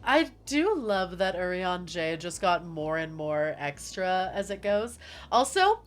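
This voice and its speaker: A woman streamer giving casual, animated gameplay commentary, swearing freely and amused. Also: medium pitch.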